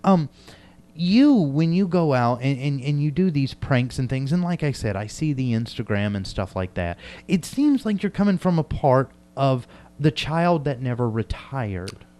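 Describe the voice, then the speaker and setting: A man's voice: medium pitch, lively intonation, a little slow, dark tone. Radio host, male, from North Carolina, chatty and self-mocking, often laughing. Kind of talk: casual interview chat.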